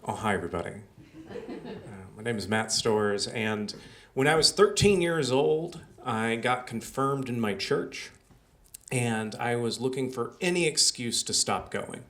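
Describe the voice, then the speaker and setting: A man's voice: mid-range voice, lively intonation, measured pace, a bit bright. A man telling a personal story on a small theater stage in a plain conversational way. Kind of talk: live storytelling.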